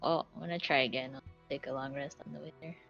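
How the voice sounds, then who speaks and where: A woman playing a tabletop game, thinking aloud and talking fast through her options. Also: extremely low pitch, fairly even intonation, vocal fry, highs cut off, loud music behind the voice. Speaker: player. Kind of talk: casual tabletop play.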